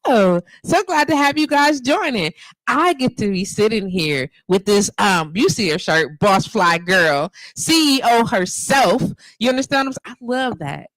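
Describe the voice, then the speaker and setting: A woman's voice: medium pitch, animated, normal speed, a bit bright, dry recording, low-quality recording. A woman in her fifties hosting a live radio show from home, chatting casually and emphatically with lots of slang. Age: 50s. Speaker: show host. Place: home studio. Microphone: handheld mic at home.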